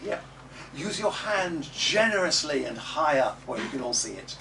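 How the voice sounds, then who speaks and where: Lively male teacher, distant noisy recording. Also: on the high side, over a noisy crowd. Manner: coaching, models words slowly and loudly for the group to repeat. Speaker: music teacher. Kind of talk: teaching a class. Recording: distant mic with noisy room ambience.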